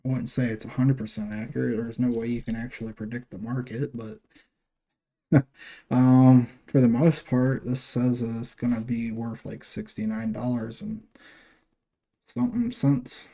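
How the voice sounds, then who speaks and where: A man's voice: medium pitch, flat delivery, a little slow, vocal fry, warm tone. A man hosting his own channel, talking through a screen share in a loose, rambling way with many fillers and restarts. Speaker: channel host. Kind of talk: casual screen-share walkthrough.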